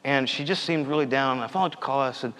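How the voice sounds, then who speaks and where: A man's voice: medium pitch, fast talker, fairly bright tone, long reverb tail. A young man preaching a sermon in an earnest, conversational way, telling stories from his own life.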